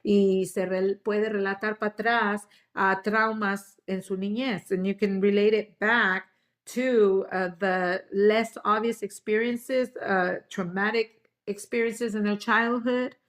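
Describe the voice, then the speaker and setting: A woman's voice: mid-range voice, fairly even intonation, a little slow. Woman instructor, bilingual class talk, switches languages mid-thought, casual restarts. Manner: switches between English and Spanish, with fillers and restarts. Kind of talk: bilingual class talk, English then Spanish.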